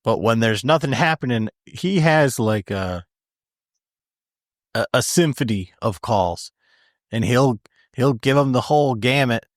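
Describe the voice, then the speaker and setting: Halting male podcast host. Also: medium pitch, lively intonation, no room sound, clean studio sound. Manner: halting, filler-heavy phrasing. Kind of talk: interview questions.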